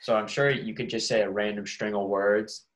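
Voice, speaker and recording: Casual male podcast host, low and monotone, jokey. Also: normal speed, low-quality recording. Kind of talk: casual chat.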